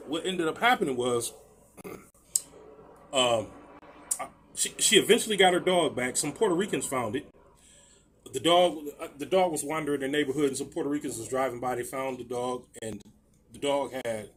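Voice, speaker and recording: A man's voice: medium pitch, slight background noise. A man casually telling a rambling, profane personal story, full of restarts and repeated words.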